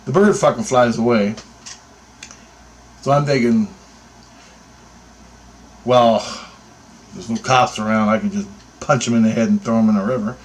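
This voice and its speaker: A man's voice: mid-range voice, fairly even intonation, a little slow, long pauses, low-quality recording. A man telling an angry, profanity-laced story about his bird photography, talking in a heated, sarcastic way. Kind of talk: angry ranting anecdote.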